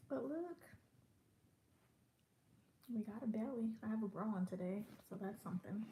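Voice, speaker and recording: A woman's voice: on the high side, dark tone, a little hiss or hum. A pregnant woman in her twenties chatting casually to the camera while she eats, rambling from topic to topic. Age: 20s. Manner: rambling, chatty, talks between bites. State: pregnant and full from eating. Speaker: vlogger.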